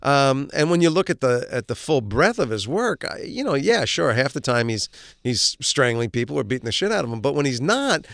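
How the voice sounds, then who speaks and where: Animated middle-aged actor telling stories. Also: male voice, medium pitch, fairly quick, vocal fry, no echo, studio quality. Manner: animated, self-deprecating anecdotes with impressions. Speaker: actor, guest. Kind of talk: casual interview storytelling.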